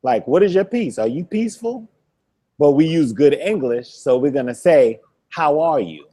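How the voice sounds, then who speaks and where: A man's voice: fairly high pitch, lively intonation, dark tone. A man teaching a Hebrew vocabulary lesson, quizzing a student, repeating each word and laughing often. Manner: repeats words slowly for drilling. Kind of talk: classroom lesson.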